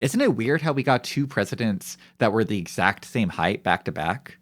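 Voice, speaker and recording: A man's voice: on the low side, big pitch swings, moderate pace. A young man streaming, chatting casually in rambling, profane, joking banter. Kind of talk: casual chat on a live stream.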